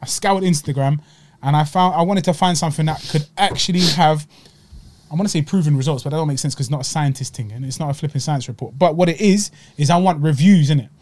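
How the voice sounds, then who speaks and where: Podcast host, male, Egyptian roots, lightly raised pitch, chatty and animated. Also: fast. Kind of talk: casual chat, food review.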